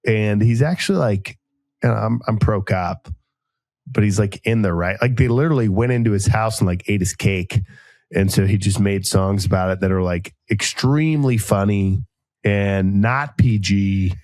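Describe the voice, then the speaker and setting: A man in his thirties hosting a podcast, telling a long casual story and acting out each quoted voice with sudden jumps in pitch. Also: moderate pace, darkish tone, no room sound. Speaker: podcast host.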